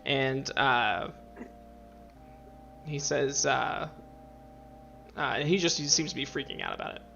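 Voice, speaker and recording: Gravelly man running a tabletop game. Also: mid-range voice, lively intonation, slow, bright, forceful tone, dull audio, soft background music. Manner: rambling, full of fillers and restarts. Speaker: game master.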